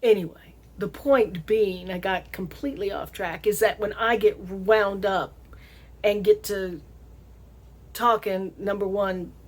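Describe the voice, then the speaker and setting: Her medium-pitched voice stays fairly even as the middle-aged, Southern-accented vlog host talks casually to her viewers. She laughs frequently and drags out words slowly to stress them in this chatty monologue to camera.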